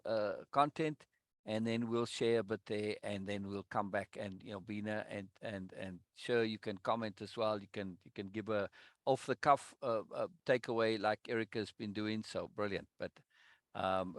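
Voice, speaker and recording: A man's voice: lowish voice, normal speed, dry recording, studio quality. A man leading a live online teaching session, affirming students and repeating key points for stress. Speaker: course leader.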